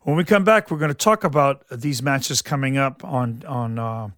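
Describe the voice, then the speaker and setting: A man's voice: medium pitch, normal speed, fairly bright tone, slight background noise. A man from southeastern Louisiana, hosting a radio sports talk show in a rambling, folksy way full of fillers and restarts. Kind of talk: casual sports commentary.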